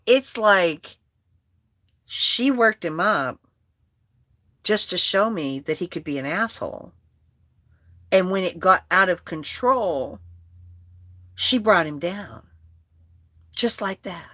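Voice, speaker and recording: Woman storyteller, bright and sharp in tone, candid and profane, casual delivery. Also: fairly low pitch, expressive, slow pace, long pauses, no echo.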